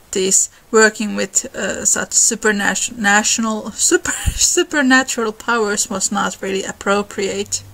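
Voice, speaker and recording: Gravelly-voiced woman explaining mythology. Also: medium pitch, a bit bright, rough recording. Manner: conversational, with restarts and small laughs. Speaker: channel host.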